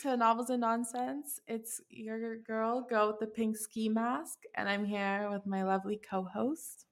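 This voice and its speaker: A woman's voice: a little high, steady tone, unhurried. A woman co-hosting a book podcast, chatting casually and joking around. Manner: chatty, jokey, breaks into playful voices. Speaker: podcast co-host. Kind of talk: casual chat.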